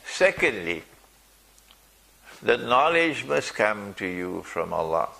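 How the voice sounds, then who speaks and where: A man delivers a sermon in a gravelly voice with some vocal fry. He speaks slowly and emphatically, pausing to ask rhetorical questions and slip in dry jokes. His pitch rises and falls widely. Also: big pitch swings, bright, forceful tone. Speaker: Islamic preacher. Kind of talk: sermon to a live audience.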